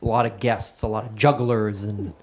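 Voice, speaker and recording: A man's voice: lowish voice, normal speed. A man co-hosting a comedy podcast in casual chat, swearing freely and riffing on stories. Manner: profane, animated, jumps into shouted put-on characters. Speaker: podcast co-host.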